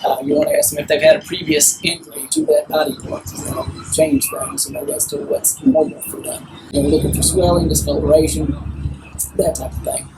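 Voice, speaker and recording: A man's voice: on the high side, level tone, fairly quick, gravelly. A middle-aged man, an athletic trainer, explaining procedures in a practical, step-by-step way. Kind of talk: explanatory interview. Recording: noisy interview audio.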